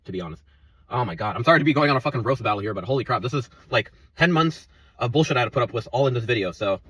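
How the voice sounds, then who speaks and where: A man's voice: mid-range voice, a bit bright, husky, recorded from a distance, poor audio. A young man venting in a profane, rambling, heated rant about quitting his job, out of breath from talking. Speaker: former coffee shop worker venting. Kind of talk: angry rant to camera.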